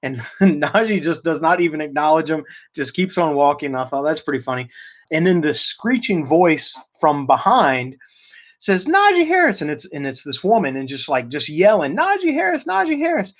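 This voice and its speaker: A man co-hosting a sports podcast in casual chat, telling stories in an animated way and laughing as he goes. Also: on the high side, normal speed. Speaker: podcast co-host. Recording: lo-fi, slightly dull sound.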